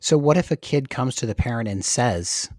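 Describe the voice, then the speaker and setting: A man's voice: medium pitch, lively intonation, moderate pace, darkish tone, dry recording, clean studio sound. A man hosting an interview, asking brief, direct questions. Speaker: podcast host.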